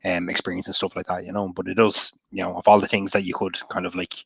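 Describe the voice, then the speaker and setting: An Irish man speaks as a podcast guest, weighing his words and softening them with plenty of "like" and "you know". His voice is very low, and the recording is dry and close. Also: flat delivery, vocal fry, breathy edge, dry recording. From Ireland. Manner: measured, hedging, full of "you know" and "like". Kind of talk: casual podcast chat.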